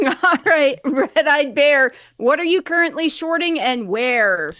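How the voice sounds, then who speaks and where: A woman's voice: high voice, animated, slow pace, pushed and bright, no room sound. A woman co-hosting a podcast, playfully teasing and reading chat comments. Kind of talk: casual chat.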